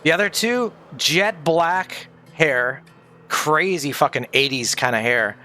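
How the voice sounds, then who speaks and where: A man's voice: fairly high pitch, lively intonation, slow, pushed and bright, slight background noise. A man streaming from home, grieving, talking candidly in a rambling, sweary way. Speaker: livestreamer. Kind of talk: casual livestream chat.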